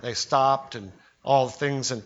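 A man's voice: medium pitch, fairly even intonation, unhurried, lo-fi sound, slight background noise. An older man preaching a sermon as pastor, telling stories and acting out the quotes. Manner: storytelling preacher, acts out quotes with voices.

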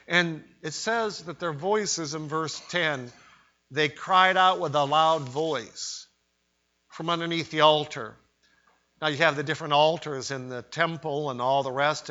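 A man preaching a sermon in an emphatic way, rising to loud cries when he voices quoted pleas. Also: a little high. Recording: dull lo-fi sermon recording.

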